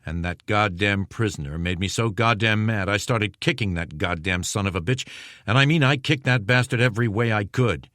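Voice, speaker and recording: A man voicing a hardened army sergeant who talks in a gruff, blunt, profane way, in an audiobook. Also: lowish voice, normal speed, fairly bright tone, dry recording, clean studio sound, lightly acted. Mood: bitter. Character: hardened male army sergeant recalling anger.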